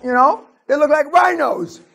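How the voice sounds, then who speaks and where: A man giving an aggressive, profane seminar rant, berating his audience and shouting often. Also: very high voice, animated, moderate pace, gravelly. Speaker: business seminar speaker.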